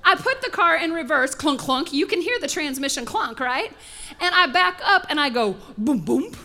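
Bright, high-voiced woman preaching with stories. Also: moderate pace. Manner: animated storyteller, acts out voices and sound effects. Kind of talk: sermon with storytelling.

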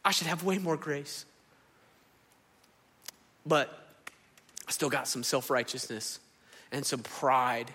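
Animated preacher in a hall. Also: male voice, a little high, slow pace, long pauses, breathy edge. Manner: animated, conversational preaching, addresses crowd as y'all. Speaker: pastor. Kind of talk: sermon. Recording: echoey hall.

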